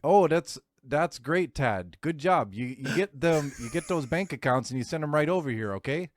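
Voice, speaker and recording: A man's voice: fairly high pitch, expressive, normal speed, no room sound, pitched above the performer's own voice, close to an everyday voice. A man voicing an exaggerated folksy Canadian hacker in a mock Canadian accent, chipper and drawn out.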